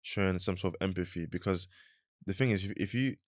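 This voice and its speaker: A young man hosts a podcast, thinking his points through with halting restarts. His voice is very low. The recording is close and dry. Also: no echo. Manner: thoughtful, halting, with many restarts. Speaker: podcast host. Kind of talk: casual chat.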